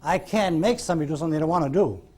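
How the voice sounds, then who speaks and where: A man with a slightly high voice lectures a room of students on hypnosis. He is blunt and folksy, and he acts out his sessions with clients as he tells them. It sounds like an old tape of a live class. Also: racing, darkish tone, husky. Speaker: hypnosis instructor.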